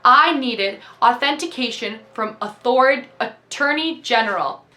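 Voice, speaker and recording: A woman's voice: fairly high pitch, unhurried, sharp tone, roomy sound. A woman reading aloud and voicing a cold, defensive female warden. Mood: curt. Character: cold, lying female prison-camp warden.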